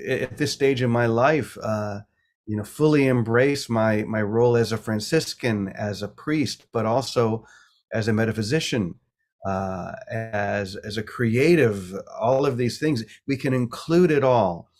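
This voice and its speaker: A man's voice: mid-range voice, unhurried. A middle-aged man, a priest and guest, talking about his faith in a reflective, storytelling way. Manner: warm reflective storytelling with laughs. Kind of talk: casual spiritual talk.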